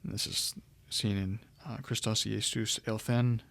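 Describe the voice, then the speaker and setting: A man's voice: on the low side, level tone, measured pace, creaky, a bit bright, no echo. A man teaching Greek grammar in a recorded lecture, explaining step by step with frequent ums and restarts.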